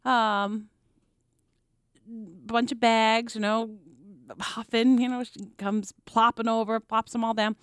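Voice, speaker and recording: A woman's voice: a little high, slow, long pauses, clear, resonant tone, no room sound. A young adult woman co-hosting a casual chat, telling a story with lots of laughter and acted-out quotes. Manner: animated storyteller, laughs often, acts out quotes. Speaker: podcast co-host.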